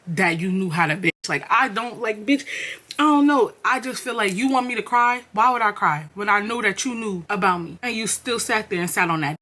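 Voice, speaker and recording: A young woman telling a personal story-time to her viewers, blunt and profane, animated in her storytelling. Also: mid-range voice, a little fast. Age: young adult. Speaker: storyteller vlogger.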